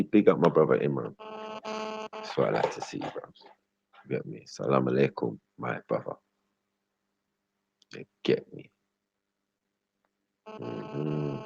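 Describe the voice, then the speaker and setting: Very deep gravelly man. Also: warm tone, no room sound. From Britain. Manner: teasing, slangy and swearing, talks to chat by name. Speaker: livestream host. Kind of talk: casual livestream chat with viewers. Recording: dull lo-fi stream audio.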